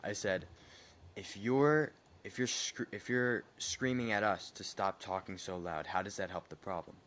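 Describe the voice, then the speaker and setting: Young guy on a podcast, lowish voice, gets fired up telling stories, swears a bit. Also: measured pace. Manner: heated, animated storytelling with swearing. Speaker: podcast co-host. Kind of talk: casual podcast chat.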